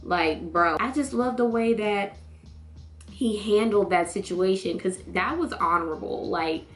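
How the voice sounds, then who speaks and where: A young woman vlogging a casual show review, slangy and animated, acting out lines with sudden high jumps in her voice. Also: a little slow, soft background music. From North Carolina, US. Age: young adult. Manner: animated, slangy, acts out quotes with big pitch jumps.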